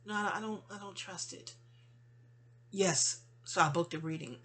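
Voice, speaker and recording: A woman's voice: on the low side, normal speed, pauses often, fairly bright tone, slightly rough. A woman hosting her own channel, venting in a casual, rambling monologue full of restarts and trailing asides. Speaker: channel host.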